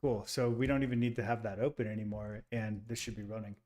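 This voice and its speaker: A man on a live stream, chatting casually to viewers as he sets up a small robot, getting excited and talking through every step. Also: on the low side, fast. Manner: excitable, talks to viewers while fiddling with a robot. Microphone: computer mic, second mic added.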